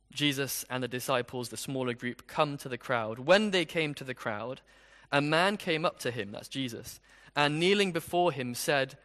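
Bright-voiced male preacher in a reverberant hall. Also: mid-range voice. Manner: expository, conversational, with rhetorical questions. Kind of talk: sermon.

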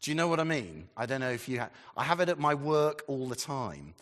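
A man's voice: mid-range voice, sing-song, fairly quick, fairly bright tone. A man preaching a sermon in a conversational, rambling way, full of asides and questions to the congregation. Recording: long reverb of a hall.

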